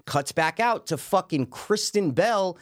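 A man in his thirties, co-hosting a casual movie discussion, ranting with animated swearing. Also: high voice. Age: 30s. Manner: animated, swearing, fast-building rants. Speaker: podcast co-host.

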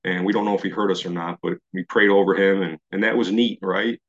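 A man's voice: low-pitched, little pitch movement, quick pace. A middle-aged man from New York shares his recovery story over a video call. He acts out his old thoughts and chuckles at himself as he goes. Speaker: recovery meeting speaker. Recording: slightly dull video-call audio.

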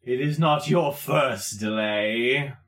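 A man doing a slow, menacing crime boss. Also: medium pitch, fairly bright tone, reverberant. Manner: slow, weary, menacing drawl. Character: cruel, pompous male crime boss.

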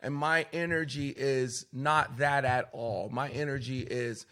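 A man, a pastor hosting the show, speaking in blunt, forceful casual conversation. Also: medium pitch, steady tone, measured pace, few pauses. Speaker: pastor and podcast host.

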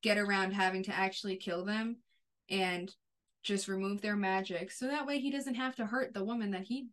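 A woman co-hosting a podcast, casually retelling an episode's scenes in long runs that trail off quietly. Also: medium pitch, steady tone, normal speed. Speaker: podcast co-host. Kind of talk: casual chat recapping a TV episode.

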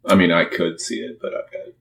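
Very low-voiced man, teasing podcast chat. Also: fairly quick, creaky, fairly bright tone, echoey room. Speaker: podcast co-host. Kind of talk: casual chat.

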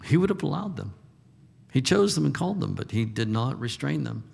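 A man's voice: medium pitch, sing-song, fairly quick, gravelly, a little mellow, slightly rough. A man preaching a sermon in an informal, conversational way, acting out the voices he quotes and chuckling now and then. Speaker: pastor. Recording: long reverb of a large hall.

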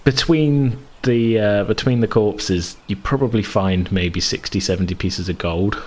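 A man narrating as game master of a tabletop game, relaxed and rambling. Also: on the low side, unhurried. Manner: relaxed, rambling, hedging with fillers.

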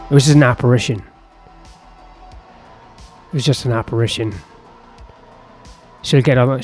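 A man's voice: medium pitch, a little mellow. Rambling profane male storyteller. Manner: rambling, profane, self-interrupting asides. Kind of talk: improvised story narration.

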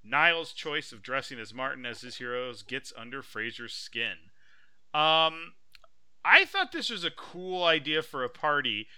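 Bright, crisp-voiced male podcast host. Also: mid-range voice, unhurried, dry recording. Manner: animated storyteller, loud laughing impressions. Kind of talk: casual chat.

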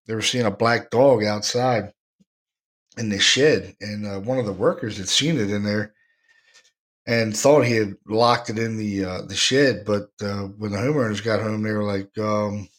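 A man with a fairly low voice tells a ghost story at a relaxed, rambling pace. He chuckles now and then and keeps it casual, like he's talking with a friend. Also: a little slow. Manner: rambling, laid-back, laughs while telling stories. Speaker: podcast host, paranormal investigator.

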